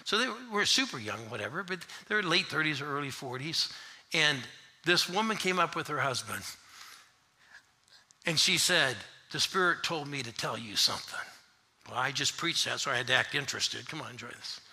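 An older man preaching a sermon, telling stories with animated swells into shouted refrains. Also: a little high, normal speed. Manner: animated preacher, rising to shouts when retelling another preacher. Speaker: pastor. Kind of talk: sermon storytelling.

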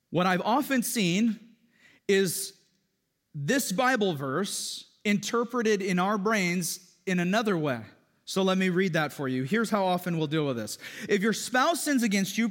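A fairly high-voiced man preaching a sermon. He talks with animated emphasis and his voice pushes upward on key points, with a long church reverb trailing behind each phrase. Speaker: pastor. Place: church sanctuary.

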